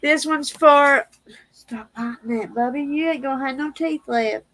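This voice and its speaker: A woman's voice: high voice, a little slow, a bit bright, no echo, low-quality recording. A woman hosting a casual livestream, reading prayers and speaking tenderly and emotionally. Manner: tender, emotional, laughs easily.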